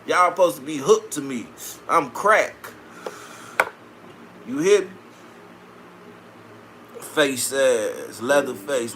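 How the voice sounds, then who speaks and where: A man's voice: a little high, fairly bright tone, slight background noise. A man from Chicago hosting a casual live stream, answering viewer comments with brash, profane street banter. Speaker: livestream host reading viewer comments.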